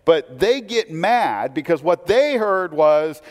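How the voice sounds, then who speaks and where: A man preaching a sermon in a conversational way, asking rhetorical questions and swinging between loud emphasis and quiet asides. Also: on the high side, very animated, takes it slowly, big-room sound. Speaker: pastor.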